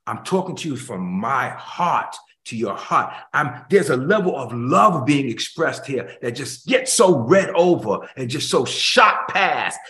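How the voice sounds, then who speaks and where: An older man, a pastor, preaching an emotional sermon that swings between hushed tones and loud emphasis. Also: a little high. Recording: echoey room.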